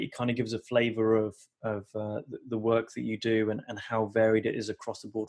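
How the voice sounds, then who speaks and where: A man hosting a live coaching webinar over a video call, talking casually with many fillers and restarts. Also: fairly low pitch.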